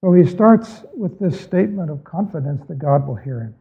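A man's voice: a little high, animated, normal speed, creaky, slightly rough. A man preaching a sermon as a pastor, earnestly reading scripture and asking his listeners reflective questions. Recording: tinny phone-like recording.

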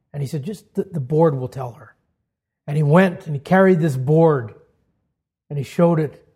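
A man preaching a sermon, building to loud, emphatic peaks and dropping to hushed, slow lines. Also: a little high, slightly rough. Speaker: pastor.

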